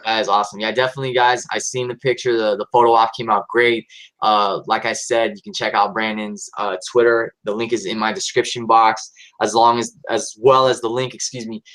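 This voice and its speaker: A man's voice: lowish voice, flat delivery, fairly quick, fairly bright tone, rough recording. A man hosting a casual chat show, speaking enthusiastically and addressing viewers directly. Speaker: host.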